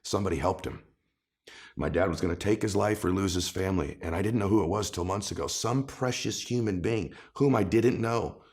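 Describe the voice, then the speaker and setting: Emphatic lower-voiced man telling stories. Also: brisk, a little mellow. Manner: emphatic, building to passionate peaks. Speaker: podcast guest and author. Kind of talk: conversational interview storytelling.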